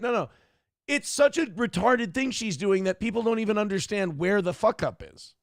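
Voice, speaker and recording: A sarcastic, foul-mouthed man hosts a live commentary stream. His voice sits high and carries a gravelly rasp, and the sound is close and dry. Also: lively intonation, brisk, no room sound. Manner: sarcastic, profane, mocking. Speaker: show host.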